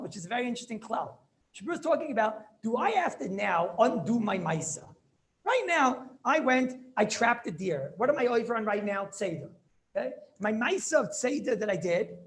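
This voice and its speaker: Gravelly rabbi teaching with Yeshivish lilt. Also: male voice, high-pitched. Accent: Yeshivish English. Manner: storytelling, repeats phrases, asks students questions. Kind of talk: animated Torah class with Yiddish and Hebrew terms.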